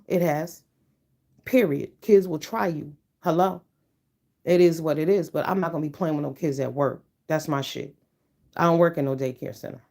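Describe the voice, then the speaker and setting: This middle-aged woman has a deep, slightly mellow voice. As a YouTuber chatting casually with viewers, she tells a story through a blunt, emphatic, profane rant.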